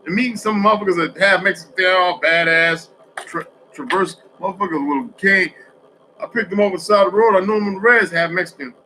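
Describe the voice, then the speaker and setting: A man talks straight to his followers in a loose, wandering monologue. He swears freely and drifts from story to story. His voice sits a bit high for a man and comes out bright and forceful. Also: fast, slight background noise, rough recording. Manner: profane, rambling, streetwise storytelling. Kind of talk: rambling casual monologue.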